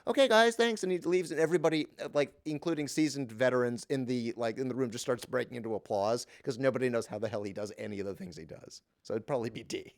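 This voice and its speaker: Guy voice actor in an interview, medium pitch, laid back and chatty, lots of ums, gets lively telling stories. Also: fast, hardly any pauses. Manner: chatty, relaxed, many fillers and restarts. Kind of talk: casual interview answers.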